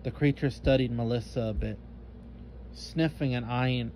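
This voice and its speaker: Slow, measured male storyteller. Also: mid-range voice, steady tone, dark tone, a little hiss or hum. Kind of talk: scripted storybook narration.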